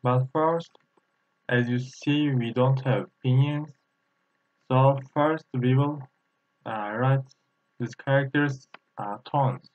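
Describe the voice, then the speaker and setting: A man from Turkey teaching a language lesson, speaking haltingly with many fillers and repeating each word several times. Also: mid-range voice, a little mellow. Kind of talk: slow whiteboard language lesson. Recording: tinny phone-like audio.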